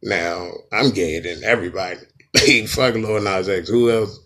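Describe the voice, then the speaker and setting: A man's voice: on the low side, a little slow, fairly bright tone. Man ranting profanely for laughs. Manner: profane, rambling riffs. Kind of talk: comedic rant.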